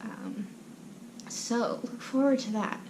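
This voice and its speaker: Speaking slowly in a voice on the high side, a young channel host talks personally to camera from home over a noisy background. With someone sleeping in the next room she frequently half-whispers, wandering through her thoughts with lots of fillers and false starts.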